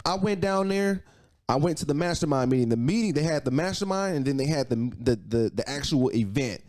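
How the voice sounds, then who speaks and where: A man in his thirties spins a personal story on a casual podcast. His voice sits slightly high, and he talks in an animated, profane way, circling back to repeat lines for emphasis. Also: brisk. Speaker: podcast guest, entrepreneur.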